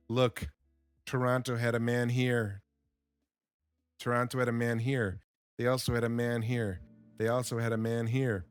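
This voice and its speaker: Man, English teacher, very slow deliberate delivery, repeats key words, excited reactions, faint guitar music underneath. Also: mid-range voice, clear, resonant tone. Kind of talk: slow, simple English lesson over game footage.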